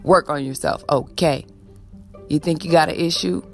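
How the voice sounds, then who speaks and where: Low raspy-fry woman doing a spiritual love sermon, lots of "ah?" tags, soft music under. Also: fairly even intonation, moderate pace. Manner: preachy, tacks "ah?" onto most sentences; sighs before blowing love. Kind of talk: motivational spiritual talk to camera.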